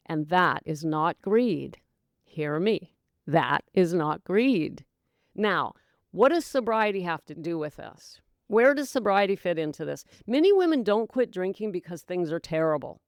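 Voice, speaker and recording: A middle-aged woman hosting a sobriety podcast, giving an emphatic motivational talk that calls listeners "gals" and "my dear" and slips into hushed whispers. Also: on the low side, expressive, a little slow, clean tone, no room sound, clean studio sound. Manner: dramatic voices and hushed whispers for effect. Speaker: podcast host, sobriety coach. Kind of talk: motivational monologue.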